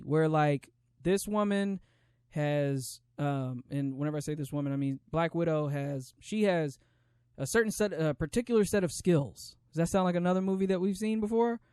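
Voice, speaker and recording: A man's voice: on the high side, a little mellow, clear, resonant tone, dry recording, clean studio sound. A man hosting a solo podcast, reviewing movies in a casual, rambling way with lots of restarts and slang. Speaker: podcast host.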